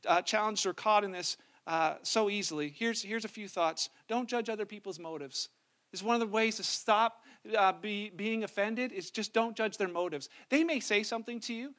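A man's voice: high-pitched, fairly bright tone. A pastor preaching a conversational sermon, acting out the people he quotes with different voices.

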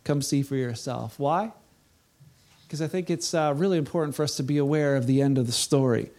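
Middle-aged guy preaching, kinda high voice, earnest, gets fired up then goes quiet. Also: brisk. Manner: earnest, building to impassioned peaks then dropping soft. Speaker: pastor. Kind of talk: sermon.

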